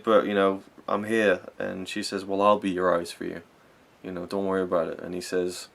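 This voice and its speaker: A man's voice: low voice, monotone, a little fast, few pauses. A young man giving a rambling, enthusiastic spoken film review, full of fillers and self-corrections.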